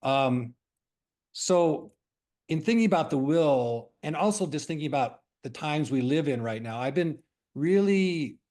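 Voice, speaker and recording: A middle-aged man from Hawaii leading a spiritual discussion, telling a story in a thoughtful, unhurried way with many pauses and fillers. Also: fairly high pitch, animated, darkish tone. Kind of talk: reflective storytelling talk.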